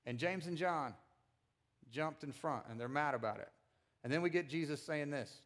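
A middle-aged man giving a conversational sermon as a pastor, animated and acting out voices of the people in the story. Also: fairly high pitch, moderate pace.

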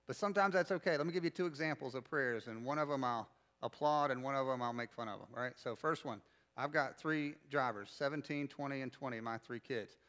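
A man, preaching a sermon in a conversational, joking way with bursts of loud emphasis. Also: mid-range voice, brisk. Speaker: pastor.

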